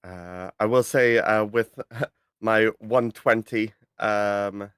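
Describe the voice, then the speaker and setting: Man, tabletop player, very slow drawl, bright tone, joking. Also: lowish voice, fairly even intonation, clear, resonant tone, no echo, studio quality. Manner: chuckles between words, loose and joking. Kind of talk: casual chat during a tabletop game.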